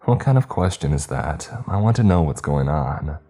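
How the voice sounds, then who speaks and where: A man reading a first-person horror story in a slow, measured, brooding way. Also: rumbling low, animated, mellow, soft background music.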